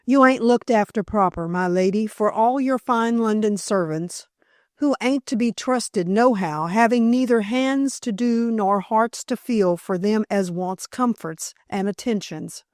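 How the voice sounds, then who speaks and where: A woman's voice: medium pitch, a little slow, a little mellow, no echo, clean studio sound, close to an everyday voice. A woman voicing a rosy-faced, bossy little old housekeeper with rustic country speech. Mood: fussing, bossy.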